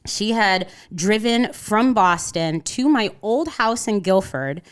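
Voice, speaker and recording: A woman's voice: medium pitch, expressive, slow pace, clean tone. A woman in her thirties from Connecticut, a podcast guest telling a personal story in casual conversation and acting out the voices of people in it. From Connecticut, USA. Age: 30s.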